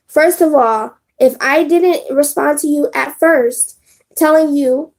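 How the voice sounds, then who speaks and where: A woman's voice: high voice, a little mellow. A woman doing a casual live stream on her phone, talking bluntly and with profanity straight to her chat. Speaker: live streamer giving readings.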